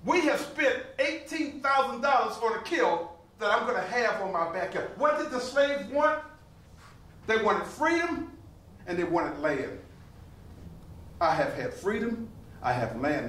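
Older man, high voice, animated storyteller to a crowd, distant mic in a roomy hall. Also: slight background noise. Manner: animated, laughing storyteller with repeated phrases. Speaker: living history performer and potter. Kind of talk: storytelling to a live audience. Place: museum hall with an audience.

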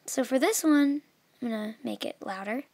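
A woman's voice: fairly high pitch, normal speed, no room sound. Chatty young woman, dry close sound. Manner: chatty, filler-heavy, trails off softly. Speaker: video tutorial maker. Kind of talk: casual screen tutorial.

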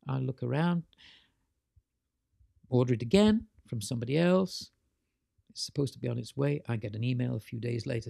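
British-born male guest, mellow and dark, creaky, animated storyteller, dry sound. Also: fairly high pitch, a little fast, no room sound. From Britain. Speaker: interview guest, author. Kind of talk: storytelling conversation.

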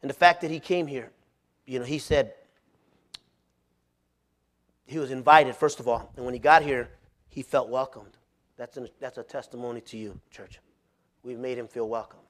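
A male pastor gives a sermon in a folksy, plain-spoken style, with a medium-pitched voice and a brisk pace. He tells animated stories and laughs frequently.

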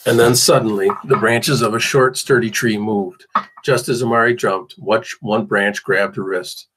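A man reading a novel aloud as audiobook narration, steady with the odd restart. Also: fairly low pitch, normal speed, slightly rough, poor audio. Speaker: audiobook reader.

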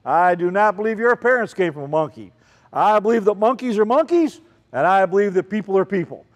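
Man, children's speaker, high lively voice, big reverberant hall. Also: a little fast. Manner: animated, calls out questions to the crowd. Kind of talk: lively talk to a group of kids. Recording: long reverb, large hall.

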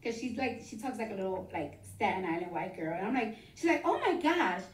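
A woman casually telling a personal story, rambling and rapid, with many restarts and the odd curse. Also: mid-range voice, lively intonation. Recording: echoey, from far off the mic.

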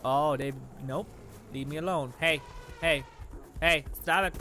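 A young man giving casual, excitable gameplay commentary, swearing a lot and yelling at enemies as he plays. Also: on the high side, a little slow, a little hiss or hum. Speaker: let's play gamer.

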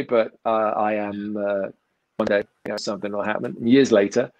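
A man's voice: lowish voice, brisk, vocal fry, darkish tone, no echo. A man, an actor and magician, chatting as an interview guest over a video call and telling rambling, self-mocking stories with lots of restarts. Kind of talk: casual interview storytelling. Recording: dull lo-fi video call audio.

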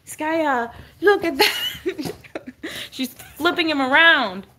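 A young woman hosting a casual livestream, cooing and encouraging her dog and swinging up high when she praises it. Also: expressive, drawn-out words, pushed and bright.

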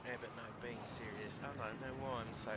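A man's voice: mid-range voice, fairly even intonation, fairly quick, heavy background noise. A man, commentating on his gameplay with lots of swearing, outbursts and sarcastic jokes. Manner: sweary, loud bursts of outrage and laughter. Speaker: gaming streamer. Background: game sounds.

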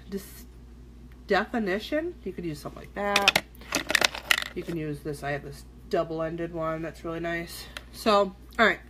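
Over a phone or webcam live stream, a woman runs a laid-back makeup tutorial, talking with viewers as she works and swearing now and then. Her voice is mid-range and fairly bright, with slight background noise.

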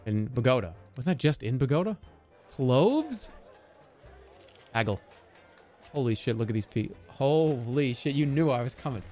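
A man streaming a game live, giving excitable, profane, self-mocking commentary as he plays. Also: mid-range voice, a little slow, pauses often, faint music behind.

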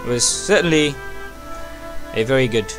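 Excitable young man narrating his gameplay. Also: mid-range voice, normal speed, music in the background. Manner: excitable, talks to himself, frequent yelps. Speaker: gaming channel host. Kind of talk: let's play commentary.

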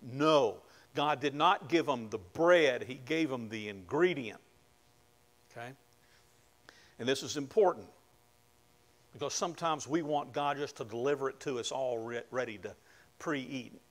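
A man preaching a conversational sermon, often dropping to a hushed tone and rising to emphatic points. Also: medium pitch, measured pace, pauses often. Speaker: pastor.

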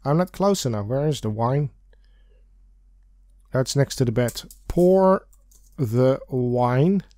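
A man's voice: mid-range voice, expressive, takes it slowly, mellow, no room sound, clean studio sound. A young man narrating a let's play, chatting, giggling and humming as he reads and clicks along. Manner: chatty, giggly, hums and sings snippets. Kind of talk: game commentary and text reading.

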